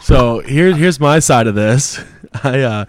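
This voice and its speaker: A man's voice: mid-range voice, takes it slowly, a little hiss or hum. A young man co-hosting a casual podcast, telling stories with swearing and reading out texts. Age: young adult. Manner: animated storyteller, swears often, reads out texts. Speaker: podcast co-host. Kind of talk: casual chat.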